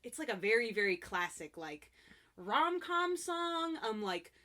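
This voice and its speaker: A woman's voice: fairly high pitch, very animated, a little slow, pushed and bright. A woman co-hosting a podcast, casually recapping a drama episode in a chatty way with lots of filler words and frequent laughter. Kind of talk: casual chat.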